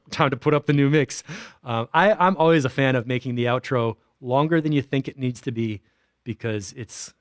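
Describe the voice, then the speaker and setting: A young man in the middle of a pitch range talks through production tips on a livestream, rambling and casual with plenty of asides. He hums and scats rhythms to show his ideas. The sound is dry, with no room echo. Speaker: livestream host reviewing music tracks.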